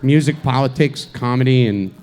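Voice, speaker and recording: At a live event venue, the man co-hosting speaks at normal speed with a medium pitch and a somewhat dark tone. His banter is loose and crude, a meandering story he keeps restarting.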